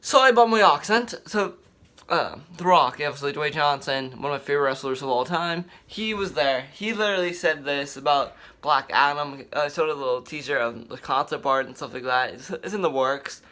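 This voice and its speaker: Bright-voiced excitable young man. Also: medium pitch, normal speed. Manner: rambling, excitable, repeats himself. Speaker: vlogger. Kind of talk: casual fan commentary.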